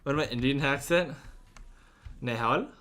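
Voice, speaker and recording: A man's voice: medium pitch, normal speed, a bit bright. A young man chatting casually on a game stream, rambling through answers to chat with lots of fillers and restarts.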